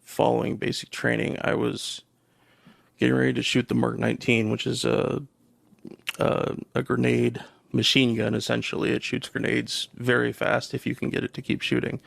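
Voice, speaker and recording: A man's voice: medium pitch, completely flat delivery, moderate pace, vocal fry, fairly bright tone, dry recording, clean studio sound. A man, a podcast co-host and Army veteran, telling a wry anecdote in casual conversation.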